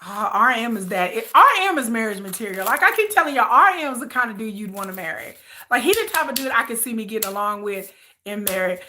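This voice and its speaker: A woman vlogger chatting to her viewers in a casual, gossipy way. Her voice sits high and swings widely, bright and sharp in tone, animated and joking throughout. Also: fast, slight background noise. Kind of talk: casual chat commentary.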